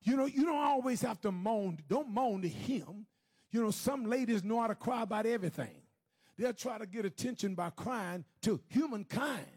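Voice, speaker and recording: A man preaching a sermon, moving from hushed, low moaning to shouted, sing-song exhortation. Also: moderate pace, slightly rough.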